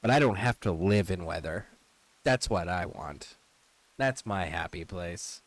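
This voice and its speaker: A man's voice: deep voice, lively intonation, unhurried, no room sound. A man streaming a video game, reading menus aloud and chatting loosely with casual profanity. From United States. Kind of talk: casual gameplay commentary.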